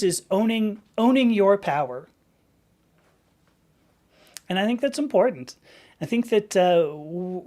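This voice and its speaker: A woman's voice: mid-range voice, a little mellow. A woman in her fifties hosting a casual live stream. She rambles as she reads the chat, restarts her sentences often and laughs easily. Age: 50s. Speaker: livestream host.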